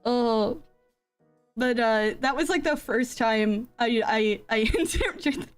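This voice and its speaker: A woman's voice: a little high, slow pace, soft background music. A young woman streamer chatting casually into a desk mic, telling rambling stories with frequent giggles. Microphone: desk microphone.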